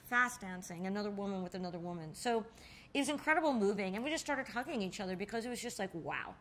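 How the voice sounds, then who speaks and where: A woman in an oral history interview, telling stories in a lively way and jumping high when she acts out what people said. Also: quick pace, a little hiss or hum. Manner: animated storyteller, acts out quotes with sudden high exclamations. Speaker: interviewee, bar co-owner and nonprofit founder. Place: in a bar.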